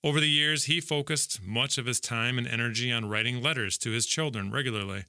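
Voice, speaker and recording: A middle-aged man reads scripture and shares his reflections, earnest but conversational, with the odd light joke. His voice is bright and forward, recorded dry and close. The pitch sits in the middle of the range. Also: a little fast, dry recording. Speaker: devotional speaker. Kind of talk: Bible reading and devotional reflection.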